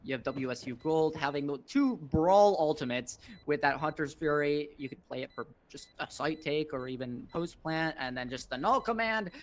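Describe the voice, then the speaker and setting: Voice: mid-range voice, normal speed, hardly any pauses. An esports color commentator breaking down a live match, analytical and playful, teasing the co-caster.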